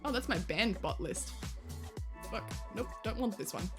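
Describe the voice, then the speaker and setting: Lively, chatty woman livestreamer. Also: medium pitch, a little slow, music in the background. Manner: chatty, laughs often, swears casually, reads chat aloud. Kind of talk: casual chat with live viewers.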